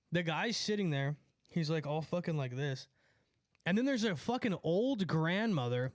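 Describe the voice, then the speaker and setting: Young male streamer, slightly high voice, profane rambling storyteller, dry close sound. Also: no room sound. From California. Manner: profane, rambling, laughs at own stories. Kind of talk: casual storytelling chat.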